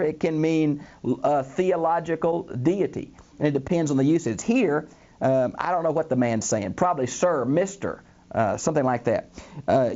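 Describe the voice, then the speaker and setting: Older man teaching the Bible, lively. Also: a little high, dull audio. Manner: animated, acts out the quoted voices, frequent "uh" fillers; addresses listeners as "friends". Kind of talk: recorded Bible lesson. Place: recording studio.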